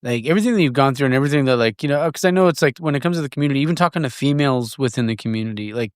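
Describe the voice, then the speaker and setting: A man's voice: medium pitch, very fast, smooth, no echo, clean studio sound. A man hosting a podcast, chatting in a chummy way, often agreeing with his guest and swearing casually. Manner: chummy, frequent agreeing, profane. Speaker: podcast host.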